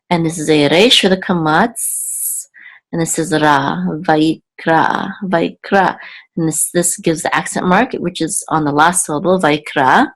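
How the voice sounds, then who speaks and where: Low-voiced woman teaching slowly and patiently. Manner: patient, repeats and slowly sounds out words. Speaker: Hebrew teacher. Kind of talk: explaining a reading lesson to camera.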